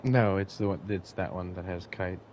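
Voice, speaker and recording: A man's voice: low voice, fairly even intonation, moderate pace, darkish tone, a little hiss or hum. A man telling a long, crude anecdote on a casual podcast, rambling, swearing often and losing his thread. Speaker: podcast co-host. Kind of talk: casual storytelling.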